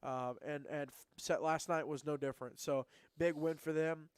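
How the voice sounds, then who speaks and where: A man co-hosting a casual high school football radio show, a former player who talks in a chatty, rambling way and teases his co-host. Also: fairly even intonation, moderate pace, smooth, no room sound. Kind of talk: casual sports talk.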